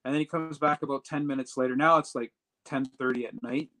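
Man, casual storytelling, animated, acts out dialogue, mid-range voice. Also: medium pitch, brisk, poor audio. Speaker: storyteller recounting a personal trip.

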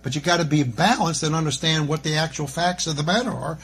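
Here is an older man preaching from the pulpit, his voice sitting a little high for a man. He rambles in a folksy way, tossing off jokey asides as he goes. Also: fast talker, a bit bright. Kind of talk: preaching a sermon.

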